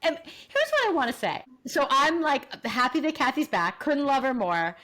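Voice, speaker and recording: Speaking at a moderate pace in a high-pitched voice, this middle-aged podcast co-host chats casually about reality TV. She's animated and exaggerated, with frequent laughter.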